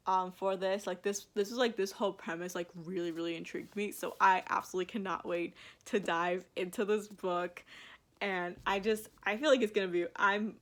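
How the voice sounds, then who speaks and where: A woman chatting casually to camera as a book vlogger, gushing and excitable, full of fillers, restarts and casual swearing. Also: mid-range voice.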